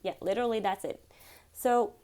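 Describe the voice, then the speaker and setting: A woman teaching a beginner language lesson, repeating words slowly for learners. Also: medium pitch, mellow. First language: Portuguese.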